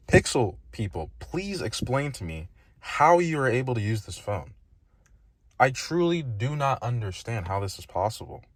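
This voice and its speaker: A man's voice: medium pitch, no echo, studio quality. A man giving a casual tech review, emphatic and frustrated, speaking bluntly.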